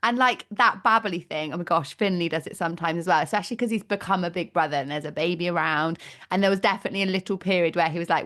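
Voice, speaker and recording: A woman's voice: lowish voice, fast, a bit bright. A woman hosting a podcast, talking in a reflective, reassuring way. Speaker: podcast host, midwife. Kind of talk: casual chat.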